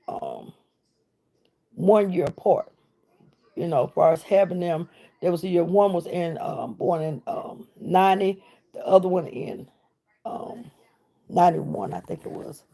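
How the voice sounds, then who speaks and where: Emotionally, a middle-aged woman narrates her own loss as a grieving mother, reenacting dialogue along the way. The voice is lowish and mellow with a creaky quality.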